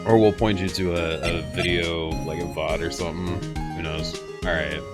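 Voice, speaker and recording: A man's voice: low-pitched, flat delivery, moderate pace. A man streaming a game, chatting casually with his viewers, joking and laughing often. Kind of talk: casual gameplay commentary. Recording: game music loud in the background.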